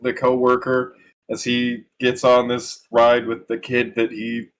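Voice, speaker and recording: A man's voice: mid-range voice, completely flat delivery, measured pace. A man playing a character in a tabletop role-playing game, laid-back, giving short replies and describing his character's actions. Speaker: player.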